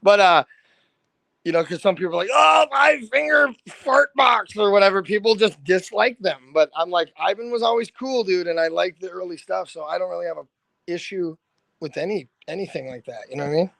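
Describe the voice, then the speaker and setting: High, gravelly-voiced rock singer telling stories. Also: male voice, fairly quick, no echo. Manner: animated, swears freely, says "dude" often. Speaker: rock band lead singer, podcast guest. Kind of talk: casual storytelling.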